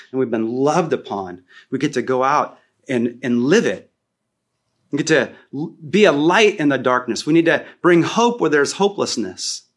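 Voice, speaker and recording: A man preaching a sermon as a pastor, animated and repeating key phrases for emphasis. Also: fairly high pitch.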